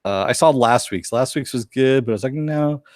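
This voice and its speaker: A man's voice: mid-range voice, a little fast, no room sound, clean studio sound. A man co-hosting a casual review show, often laughing and retelling scenes. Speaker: co-host. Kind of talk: casual episode review chat.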